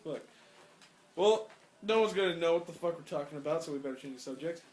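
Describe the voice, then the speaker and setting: A man's voice: on the high side, fast talker, a little mellow. A young man co-hosting a podcast in casual chat, profane, blunt and teasing. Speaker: podcast co-host.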